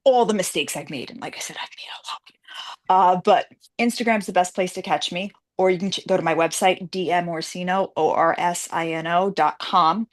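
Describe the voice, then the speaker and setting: A woman's voice: fairly low pitch, moderate pace. A woman guest author in a casual interview, telling stories animatedly and acting out the voices of the people she quotes.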